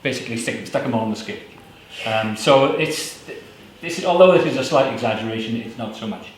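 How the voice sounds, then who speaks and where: A man reading his own poems at a book launch, in slow measured lines with loose, rambling asides between poems. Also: mid-range voice, animated, slight background noise. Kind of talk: live poetry reading with chatty asides. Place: small venue at a book launch. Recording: very echoey room.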